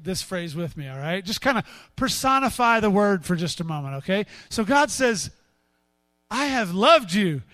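A male pastor preaching a sermon in an animated way, often acting out quotes in different voices. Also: high-pitched, no room sound.

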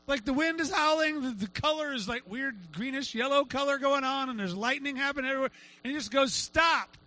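A middle-aged male pastor preaching a sermon, telling a story with lively acted-out quotes. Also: extremely high pitch, fast talker, rough recording. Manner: animated storytelling, acts out quotes.

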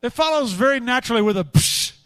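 A man preaching with a strikingly high, bright voice, animated and quick to act out quotes in other voices. The sound is close and dry with no room echo. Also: clear, resonant tone. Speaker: pastor. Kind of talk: sermon.

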